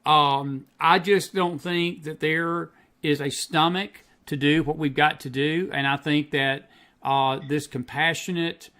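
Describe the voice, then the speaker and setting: A man hosts a casual political talk show. His voice sits a little high for a man, and he speaks emphatically, with a cynical edge. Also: fairly even intonation, slow pace, pushed and bright. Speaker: host.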